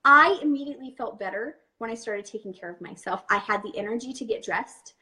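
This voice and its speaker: A woman's voice: fairly high pitch, expressive, brisk, pushed and bright. A young woman hosting a webinar, talking candidly and directly to an audience of women in casual chat. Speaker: webinar host and coach.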